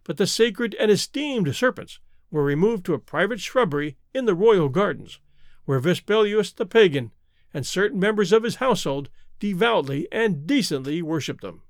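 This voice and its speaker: A male narrator reading a story in lively, expressive audiobook style. His voice is fairly high and swings widely in pitch. The recording is dry and close. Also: normal speed, no echo.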